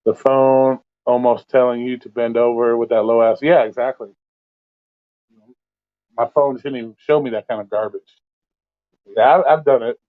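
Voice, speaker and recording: The host of an open call-in stream, a blunt man, swears constantly as he rambles through a profane, casual rant. His medium-pitched voice holds a steady tone at normal speed, broken by long pauses. It sounds phone-thin, dry and close, with no echo or room around it.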